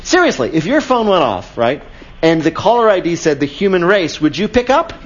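A man's voice: sits high, wildly swooping pitch, fairly quick, lo-fi sound, noisy background. A man hosting a live comedy news quiz on radio, joking with a caller and slipping into mock voices. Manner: jokey, mock voices for laughs. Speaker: quiz show host. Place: auditorium with live audience.

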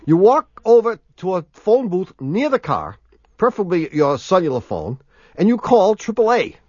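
High, lively joking radio co-host man. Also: moderate pace, slightly rough, no room sound. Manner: laughing, teasing, animated. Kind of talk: joking call-in radio banter. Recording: dull lo-fi radio broadcast sound.

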